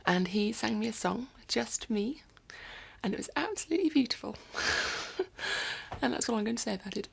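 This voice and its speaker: A woman's voice: a little high, expressive, moderate pace, gravelly, husky. A woman musician rambling casually in a video diary from her recording studio, often dropping into whispered asides.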